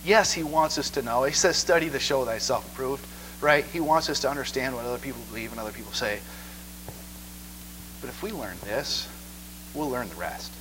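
A man preaching a sermon in an animated way, often checking in with listeners. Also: mid-range voice, brisk, pauses often, slight background noise, rough recording. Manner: animated, asks the crowd 'okay?' a lot.

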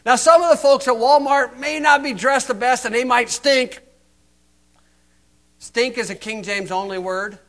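An older American man preaching a sermon, mocking and sarcastic, swinging from loud emphasis to hushed asides. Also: extremely high pitch, a little slow.

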